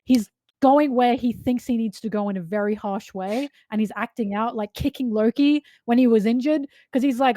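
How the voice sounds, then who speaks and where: Woman, co-host, excited fan chat, emphatic, laughing, fairly high voice, dry close sound. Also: moderate pace, dry recording. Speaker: podcast co-host.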